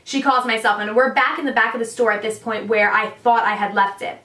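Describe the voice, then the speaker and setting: A young woman tells a story in a chatty vlog style, filling her talk with casual fillers. Her voice sits a little high. She sounds set back from the mic in a roomy, echoing space. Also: fairly even intonation, quick pace, bright, forceful tone. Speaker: vlogger. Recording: echoey room, distant mic.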